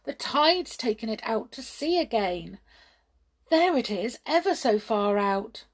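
A woman's voice: medium pitch, very animated, a little slow, husky, heavily acted. A woman voicing a nervous little male brownie who speaks in an anxious, urgent way.

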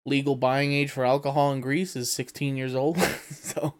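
A man's voice: mid-range voice, level tone, moderate pace, a loud crowd. A man co-hosting a podcast in casual chat, reading out listener questions and answering in a laid-back way.

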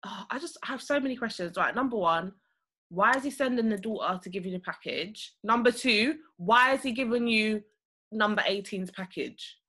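A woman's voice: medium pitch, animated, normal speed, sharp tone, breathy edge. A woman co-hosting a podcast, reacting with exclamations and firing off questions. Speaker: podcast co-host. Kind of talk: casual chat.

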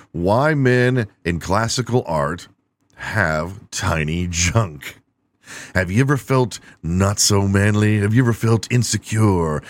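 A man hosting his own podcast, delivering an irreverent, profane comedic monologue and laughing at his own jokes. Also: low voice. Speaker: podcast host.

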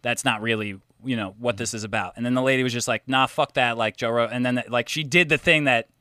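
A man's voice: medium pitch, quick pace, slight background noise. A man hosting a podcast, telling stories animatedly and swearing a lot. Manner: animated storyteller, swears a lot, mimics others. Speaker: podcast host. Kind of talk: casual chat.

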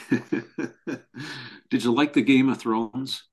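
A man's voice: mid-range voice, fairly even intonation, very slow, a little mellow, breathy edge. A man who is a professor of spine biomechanics, speaking as a podcast guest and telling stories earnestly, often repeating words as he restarts. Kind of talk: conversational storytelling.

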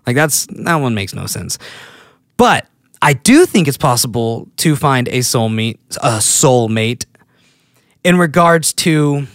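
A man's voice: mid-range voice, smooth, no echo, clean studio sound. A man hosting his show alone, musing aloud in a rambling, self-deprecating way and often restarting his sentences. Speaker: podcast host. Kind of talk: casual solo monologue.

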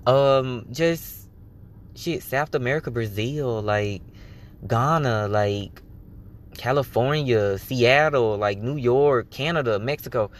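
A man's voice: mid-range voice, takes it slowly. A man hosting his own podcast, talking candidly and casually about his life, swearing freely and acting out what he told himself. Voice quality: candid, swears freely, animated self-quoting. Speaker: podcast host. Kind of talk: casual personal monologue.

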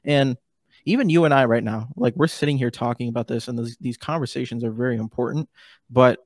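A male podcast host who talks loosely and circles around his point, stacking fillers and restarts as he thinks aloud. His voice sits at an ordinary middle pitch for a man. The recording is close and dry, with almost no room sound. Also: brisk, dry recording. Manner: rambling, many fillers and restarts. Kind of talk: casual podcast conversation.

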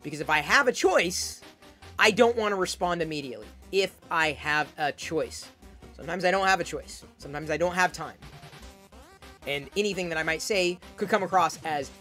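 A woman with a fairly low voice talks with intensity and volume, projecting easily. She stumbles over repeated words as she pushes her point forward. Soft music plays faintly in the background. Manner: intense, emphatic, repeats words when starting sentences; loud and projecting. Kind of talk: advice monologue.

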